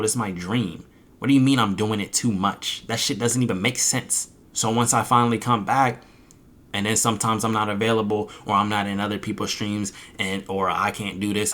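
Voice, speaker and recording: A man's voice: lowish voice, fairly bright tone. A young man, a streamer, venting angrily and profanely about his chat, mocking them in quoted voices. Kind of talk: frustrated vent to camera.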